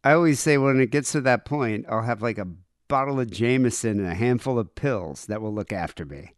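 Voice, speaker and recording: A man's voice: mid-range voice, brisk, dry recording, clean studio sound. Wry, crude male podcast co-host. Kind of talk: crude comedic podcast chat.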